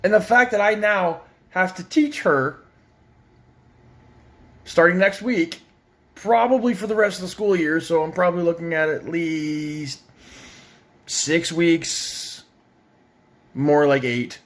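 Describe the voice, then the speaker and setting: A man's voice: on the high side, takes it slowly, pauses often, a bit bright. A young man from Ontario delivering an angry, sarcastic, swear-filled rant as a parent. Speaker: parent ranting on video. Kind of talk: profane political rant.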